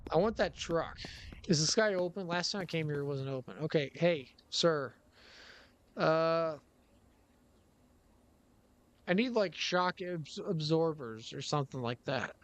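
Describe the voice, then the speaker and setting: A man streaming a driving game live, rambling in casual commentary, sarcastic and quick to swear. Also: fairly high pitch, expressive, no room sound, poor audio.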